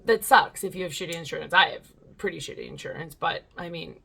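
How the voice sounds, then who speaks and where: A woman's voice: lowish voice, lively intonation, fast, vocal fry, pushed and bright, slightly rough. Woman host, casual and rambling, swears freely, reads stories off the screen. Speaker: channel host reading online stories. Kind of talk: casual chat and reading aloud.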